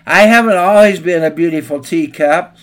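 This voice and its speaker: A man's voice: fairly high pitch, normal speed, a bit bright, natural voice. A man voicing a talking teacup that recalls its painful making, told in a plaintive storytelling way.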